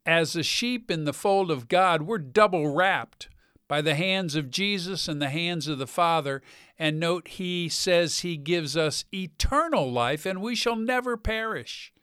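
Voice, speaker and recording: A man's voice: fairly high pitch, animated, pushed and bright, smooth, no room sound, clean studio sound. A man preaching a sermon, reading scripture aloud earnestly and stressing key words. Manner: speaks slowly with stressed words.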